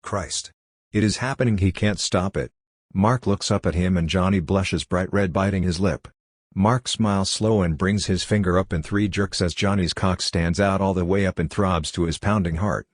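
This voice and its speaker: A man slowly reading his own literary fiction aloud in a deadpan, fragmented recitation. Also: low-pitched, no room sound, studio quality.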